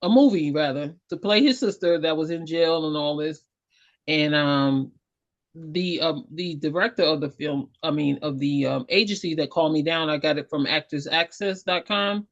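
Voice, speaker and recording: A woman's voice: low voice, moderate pace. A woman actor and singer chatting as an interview guest, telling her stories in a rambling, earnest way. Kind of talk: casual interview chat. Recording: dull lo-fi audio.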